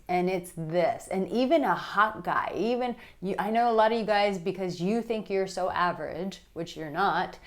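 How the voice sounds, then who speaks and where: A woman dating coach speaks straight to her viewers in an animated, blunt way, with casual swearing. Her voice sits at an everyday middle pitch. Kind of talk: direct-to-camera advice vlog.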